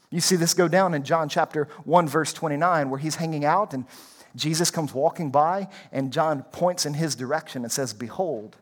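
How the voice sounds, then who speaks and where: A man, a pastor, preaching a sermon in an earnest, emphatic way, repeating key lines for weight. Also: on the high side.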